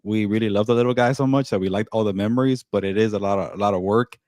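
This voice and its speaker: A man's voice: on the low side, fairly even intonation, fast, darkish tone, dry recording, clean studio sound. A man co-hosting a podcast, talking in a rambling way about life as a new father. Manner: rambling, self-interrupting. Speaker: podcast co-host. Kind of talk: casual chat.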